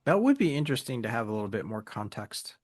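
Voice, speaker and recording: Male podcast co-host, mid-low voice, dry close sound, easygoing and agreeable with lots of fillers. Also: sing-song, quick pace, no room sound. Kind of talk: casual chat.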